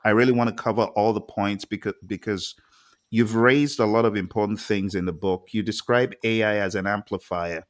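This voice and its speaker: A man's voice: fairly low pitch, fairly even intonation, normal speed. A man hosting a live-streamed interview who talks with enthusiasm, exclaims often and reads viewer comments aloud. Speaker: interview host.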